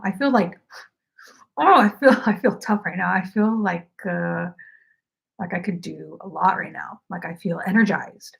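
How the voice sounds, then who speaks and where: A woman's voice: mid-range voice, vocal fry. A woman hosting a casual livestream from home, chatting in a rambling way and saying "like" often. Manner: rambling and chatty, heavy use of "like". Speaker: knitting livestream host.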